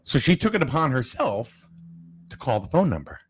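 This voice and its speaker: A man hosting a casual local talk show, telling an animated story and repeating "I said" as he goes. He is from Eastern Connecticut. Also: medium pitch, moderate pace, slightly rough. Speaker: host.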